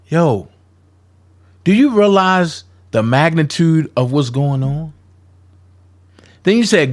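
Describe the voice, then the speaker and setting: A man's voice: fairly high pitch, animated, slow, long pauses. A man giving confrontational, profane commentary, calling people out in a heated rant. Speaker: commentary vlogger.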